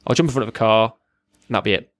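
A man, a former serviceman, telling his own story as a podcast guest in a halting, plain-spoken way. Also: lowish voice, no echo. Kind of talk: candid personal storytelling.

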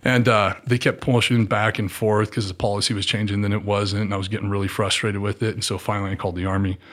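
A man from Southern California, a podcast guest telling his story in a relaxed, slangy way and acting out the dialogue. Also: fast talker. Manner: animated, acts out quoted dialogue with swings in pitch; laid-back slangy talk with frequent fillers. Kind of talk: casual storytelling interview.

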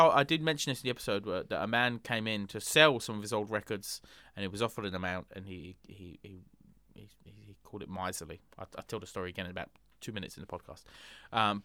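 A man's voice: lowish voice, quick pace, bright, forceful tone, no room sound, studio quality. A man co-hosting a comedy podcast, telling a rambling story with lots of ums and restarts. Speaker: podcast co-host. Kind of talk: casual comedic chat.

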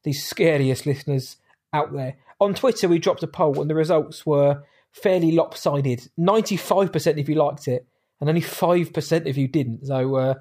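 A man's voice: a little high, normal speed, a little mellow. Chatty British man hosting a podcast. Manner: rambling, chatty, laughs easily. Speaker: podcast co-host. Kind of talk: casual podcast chat.

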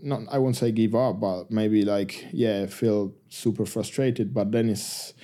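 A man, a rugby player telling stories as a guest in a casual interview, halting and full of restarts. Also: on the low side. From Argentina. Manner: halting, many restarts and fillers, relaxed.

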